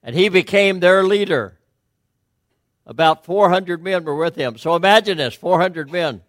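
A man's voice: high voice, moderate pace, no room sound, clean studio sound. A man preaching a conversational sermon, talking with frequent restarts and rhetorical questions. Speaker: pastor.

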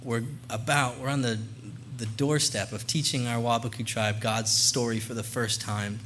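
A man's voice: mid-range voice, steady tone, moderate pace, fairly bright tone, a little hiss or hum. A young man speaking as a missionary guest to a church congregation, earnest and conversational, into a microphone. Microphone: handheld or stand mic.

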